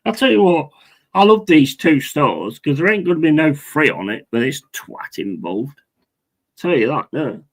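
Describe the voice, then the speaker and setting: Poor audio captures a man with a fairly high pitch speaking animatedly at normal speed. Hosting a football watch-along stream, he answers viewers in a furious rant full of swearing and repetition.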